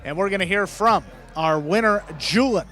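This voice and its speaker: A man announcing live sports play-by-play in brisk, clipped calls of each play. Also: high-pitched, fairly bright tone, faint music behind.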